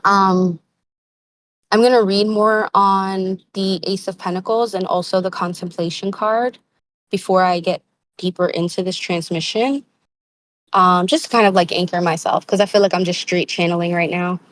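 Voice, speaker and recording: A woman's voice: fairly low pitch, steady tone, normal speed. A woman giving a live spiritual tarot reading in a casual, searching way, full of slang and fillers. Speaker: tarot reader.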